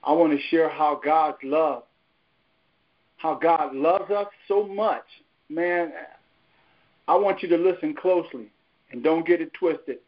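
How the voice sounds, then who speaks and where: A man's voice: on the high side, takes it slowly, pauses often, lo-fi sound. A man speaking in a heartfelt, emphatic way on a church prayer line.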